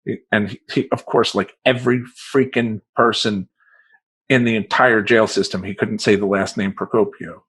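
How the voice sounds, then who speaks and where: A man who works as a life coach, telling a personal story in a profane, rambling, animated way. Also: lowish voice, moderate pace, husky, poor audio.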